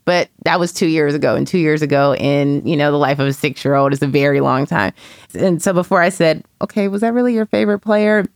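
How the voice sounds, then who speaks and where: Low, gravelly woman telling a personal story. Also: steady tone, a little fast, dry recording, studio quality. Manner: reflective, storytelling, frequent fillers. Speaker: parenting columnist, co-host. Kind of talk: casual podcast conversation.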